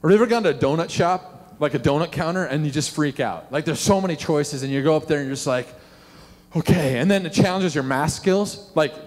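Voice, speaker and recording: Man, pastor, sermon, animated storytelling, slightly high voice, long church reverb. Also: quick pace. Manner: animated storytelling with questions to the congregation. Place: church sanctuary.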